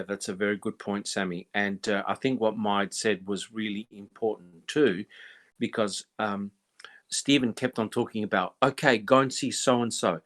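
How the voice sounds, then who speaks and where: A man's voice: fairly low pitch, fairly bright tone. A man hosting a casual panel discussion, calling on each panelist in turn and agreeing often with them. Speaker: podcast host.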